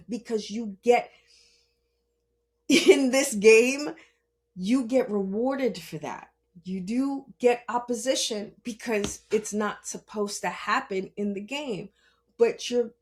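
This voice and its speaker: A woman podcast host and spiritual healer telling a personal story, swinging between loud emphasis and hushed asides, laughing often and swearing. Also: medium pitch.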